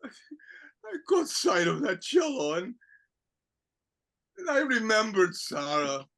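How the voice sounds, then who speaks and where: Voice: mid-range voice, big pitch swings, unhurried, creaky, pushed and bright, husky, full character voice. An actor reading the part of a bitter, mocking aging count who laughs at himself and breaks into tears, in an amateur play reading. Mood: tearful.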